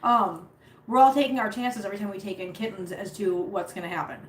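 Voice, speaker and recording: A woman's voice: mid-range voice, steady tone, fairly quick. A middle-aged woman chatting casually on a live stream from her home floor, rambling with many fillers and restarts. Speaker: cat rescuer streaming live. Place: home, sitting on the floor among cats. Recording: roomy home recording, faint background hum.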